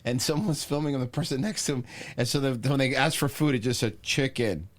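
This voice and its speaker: Podcast dude telling stories, swears a lot, regular pitched voice, super casual. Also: male voice, a little fast. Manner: profane, storytelling. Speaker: podcast co-host. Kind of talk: casual chat.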